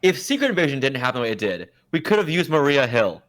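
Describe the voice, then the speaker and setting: Fast-talking man rambling about movies. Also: medium pitch. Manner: rambling, self-correcting, animated opinions. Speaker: podcast co-host. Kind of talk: casual chat.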